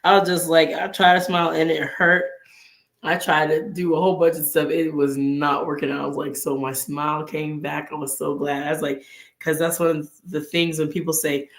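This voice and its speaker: A woman's voice: sits low, little pitch movement, moderate pace, echoey room. A woman hosting a casual vlog, sharing faith and personal stories in an earnest way and acting out bits of inner dialogue. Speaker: vlog host.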